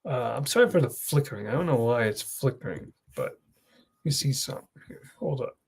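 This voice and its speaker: A man's voice: mid-range voice, animated, fairly quick, creaky, husky. A young man hosting his channel, telling an emotional story in a rambling casual way. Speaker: host. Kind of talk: casual chat.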